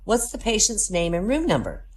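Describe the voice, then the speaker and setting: A woman voicing a polite male hospital clerk who briskly reports a patient's progress over the phone. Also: medium pitch, very animated, a little hiss or hum, voice pushed up, natural voice. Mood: reassuring.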